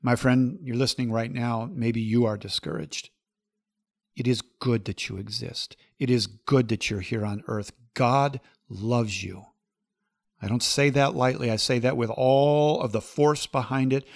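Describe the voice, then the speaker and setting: A man with a gravelly, mid-pitched voice speaks as a podcast host, earnest and pastoral. He repeats his key phrases and moves from advice into prayer. The sound is dry and close. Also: fairly even intonation, measured pace, dry recording.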